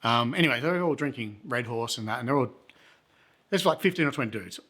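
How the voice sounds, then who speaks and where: A man's voice: mid-range voice, animated, a little fast, pushed and bright. A man, a travel vlogger telling a story in a rambling, self-correcting, laid-back way. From Australia. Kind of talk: casual storytelling to camera.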